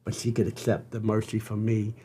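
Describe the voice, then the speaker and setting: An older man, a podcast guest, telling an earnest personal story with halting restarts. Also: on the low side, monotone, dark tone, a little hiss or hum. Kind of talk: storytelling interview.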